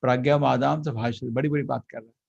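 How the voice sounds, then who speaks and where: Male scripture teacher, gravelly and a bit husky, dull lo-fi sound. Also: mid-range voice, fairly even intonation, rapid-fire, a little mellow. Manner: chants Sanskrit verses and explains them line by line. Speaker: Bhagavad Gita teacher. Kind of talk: scripture class lecture.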